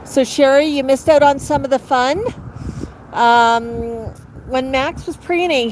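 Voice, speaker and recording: A woman's voice: fairly high pitch, darkish tone, poor audio. A woman hosting a casual phone livestream outdoors, chatting with viewers and coaxing her parrots in a playful sing-song. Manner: chatty, coaxing baby talk to her birds. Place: outdoor patio in the shade. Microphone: cell phone. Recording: outdoor phone audio with faint traffic.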